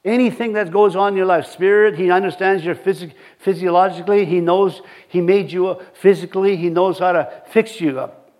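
A middle-aged man preaches in a loose, rambling way, stumbling through restarts and fillers. His voice sits high for a man, and he drops in folksy asides with a chuckle. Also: steady tone, a little mellow. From reservation community. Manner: halting, many restarts and fillers. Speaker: pastor. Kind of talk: sermon.

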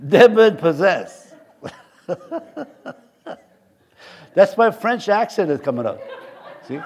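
A middle-aged man preaches in a slightly higher register than most men. He rambles through homely stories and jokes, laughing at his own asides. He speaks to a congregation in a church. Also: darkish tone. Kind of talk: conversational sermon.

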